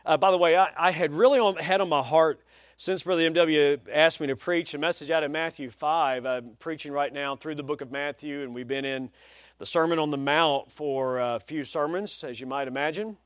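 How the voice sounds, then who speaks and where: Male pastor, higher pitch, emphatic sermon delivery with folksy asides, dry recording. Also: moderate pace, no room sound. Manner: emphatic, varies pace for stress, folksy asides.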